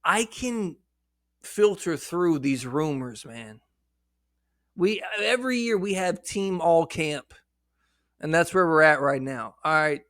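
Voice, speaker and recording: A man's voice: a little high, animated, takes it slowly, a bit bright, no room sound, studio quality. A man talking fantasy football straight to his viewers, blunt and profane, his voice a bit shaky after hours of hiccups. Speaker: fantasy football content creator. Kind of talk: casual fantasy football talk to camera.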